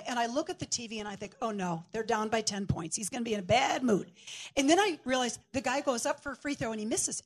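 High-voiced woman preaching with stories. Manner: lively, laughing storyteller. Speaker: guest preacher. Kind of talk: shared sermon with storytelling. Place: church.

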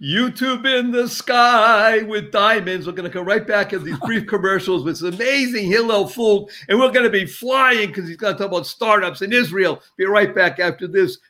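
A man's voice: sits high, fairly quick, hardly any pauses, pushed and bright. A man hosting an interview show, chatty and digressive, often laughing as he talks. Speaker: talk show host. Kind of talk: casual interview talk.

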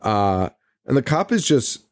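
A man's voice: medium pitch, big pitch swings, unhurried, no room sound, studio quality. A man co-hosting a podcast, recapping a movie in casual, profane, rambling banter with frequent laughs. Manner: rambling, laughs often, swears freely. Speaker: podcast co-host.

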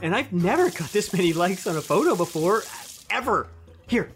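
A young woman plays an eager novice baker who tumbles over her own words. Her pitch jumps all over with excitement. Faint music runs underneath. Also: moderate pace. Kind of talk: comedic radio drama acting.

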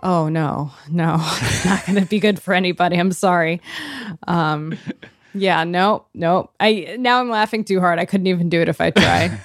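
A woman's voice: fairly low pitch, moderate pace, no echo, studio quality. A woman co-hosting a book podcast, chatting casually and laughing easily at herself. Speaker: podcast co-host.

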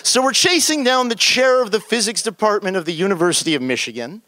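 A young man from northern New Jersey telling a personal story to an audience, jumping into higher voices for the people he quotes. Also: fast, no echo. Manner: animated, leaps into high voices for quoted people.

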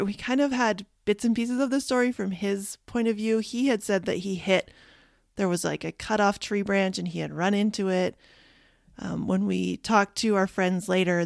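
A woman in her thirties, a podcast host, candidly telling listeners a personal story, emotional and halting at times. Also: mid-range voice, creaky, dry recording, studio quality.

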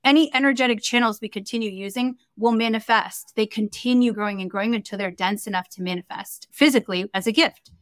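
A woman's voice: a little high, quick pace, few pauses, dry recording. A young adult woman, a guest in a casual interview, telling a story and acting out the quoted dialogue. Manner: animated, acts out quoted dialogue. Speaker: guest, Akashic record reader.

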